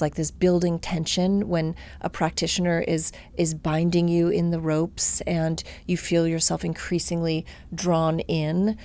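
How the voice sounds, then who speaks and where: Thoughtful woman with a gravelly voice. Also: on the low side, darkish tone. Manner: thoughtful, measured, descriptive. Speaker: guest writer. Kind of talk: interview conversation.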